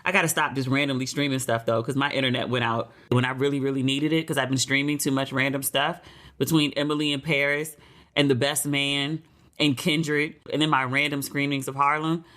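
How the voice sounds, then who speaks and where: A woman's voice: a bass voice, level tone, a little fast, fairly bright tone. A middle-aged American woman hosting a podcast, chatting casually and acting out the people in her stories. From United States. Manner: chatty storytelling, acts out quoted people in a raised voice. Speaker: podcast host. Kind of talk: casual chat.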